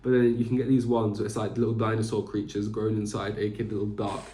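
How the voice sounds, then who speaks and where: Young man, solo podcast host, rambling, many fillers, lowish pitch, echoey room. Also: level tone, quick pace, dark tone. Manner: rambling, frequent fillers and restarts. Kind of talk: casual solo chat.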